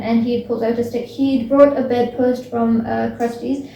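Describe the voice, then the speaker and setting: A woman's voice: fairly high pitch, flat delivery, moderate pace, vocal fry, mellow, lo-fi sound, slight background noise. A young woman casually retelling a book's plot, rambling with many fillers and restarts. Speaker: book recap vlogger. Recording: echoey room, voice from a distance.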